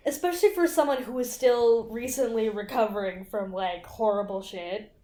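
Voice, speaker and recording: A woman co-hosting a podcast, chiming in on a TV recap with quick crude reactions and playful asides. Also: on the high side, dark tone. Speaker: podcast co-host. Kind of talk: casual episode recap chat. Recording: echoey room.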